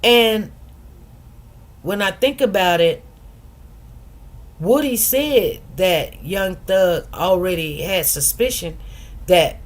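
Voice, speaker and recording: Animated woman giving casual commentary. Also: lowish voice. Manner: animated storyteller who acts out quotes in different voices; loose, conversational, with many restarts and asides to viewers. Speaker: commentary channel host. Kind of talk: casual commentary on a court case.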